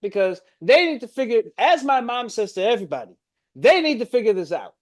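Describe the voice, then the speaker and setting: Young New man, dramatic ranter, lively up-and-down delivery. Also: extremely high pitch, a little fast. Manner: exasperated, ranting, swings from mumbled gloom to loud outbursts. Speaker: co-host reacting to football. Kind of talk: casual ranting reaction stream.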